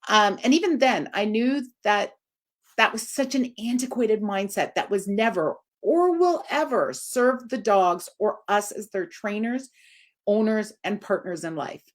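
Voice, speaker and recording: A woman in her forties, working as a dog trainer, gives a casual live video talk at a measured pace. Her tone is expressive, with high upward swings for emphasis.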